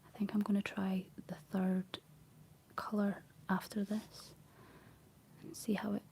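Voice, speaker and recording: A young Scottish woman whispering soft ASMR chat, rambling gently to her viewers while she paints, close on the mic. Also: medium pitch, level tone, a little slow, creaky. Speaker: ASMR livestream host.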